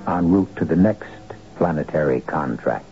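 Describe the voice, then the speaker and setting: A man narrating a vintage radio drama in a grave, measured manner. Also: a bass voice. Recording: dull lo-fi old radio with music.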